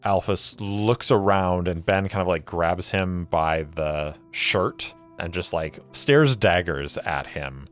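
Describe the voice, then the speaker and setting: A man narrating a solo tabletop game in a relaxed way, with many fillers. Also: low-pitched, slow, few pauses, soft background music.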